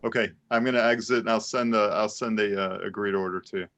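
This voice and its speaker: A man's voice: lowish voice, steady tone, fast talker, fairly bright tone. A man attorney in a hearing held over a video call, speaking in a polite, businesslike way. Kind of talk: courtroom exchange on a video call.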